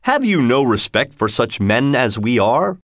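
A man voicing a proud, dignified king in disguise in a storybook reading, speaking sternly with a raised pitch. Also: very animated, unhurried, no room sound, clean studio sound. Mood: indignant.

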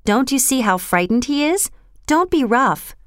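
A woman's voice: high voice, big pitch swings, measured pace, dry recording, clean studio sound, voice pushed up. A woman voicing an earnest young girl in a storybook reading, pleading and breathless.

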